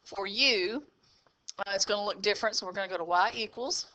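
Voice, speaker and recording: A woman math teacher talks her class through a lesson at a steady, patient pace. Her voice is bright and clear. She breaks each step down and keeps pausing to ask "okay?". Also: medium pitch, poor audio. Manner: patient, step-by-step explaining with frequent "okay?" checks.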